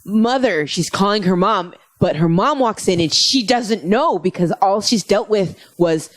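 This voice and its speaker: A woman comedian chatting casually on a podcast, telling stories in an animated, rambling way and swearing freely. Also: mid-range voice, measured pace. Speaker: guest comedian.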